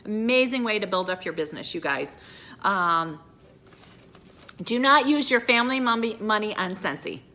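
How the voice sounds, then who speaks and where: A middle-aged direct sales consultant gives an earnest motivational talk to her sales team in a mid-range, animated voice with a sharp tone and normal speed. She repeats phrases, calls her viewers "you guys," and grows teary-eyed at times.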